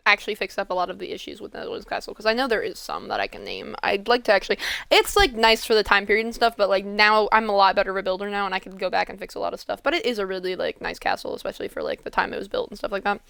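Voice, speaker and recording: A teenage girl chats quickly and at length as the host, her words tumbling out with lots of "like" and "um." Her voice is smooth and clear, recorded close and dry with no room sound. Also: medium pitch, lively intonation, fairly bright tone, no room sound. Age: teens. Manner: rambling, filler-heavy, laughs often. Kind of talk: casual chat.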